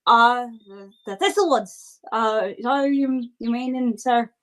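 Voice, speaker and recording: A woman's voice: on the high side, measured pace, a bit bright, pitched above the performer's own voice, poor audio. A woman voicing a chatty old male cart driver who rambles with many hesitations. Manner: rambling, hesitant, full of fillers.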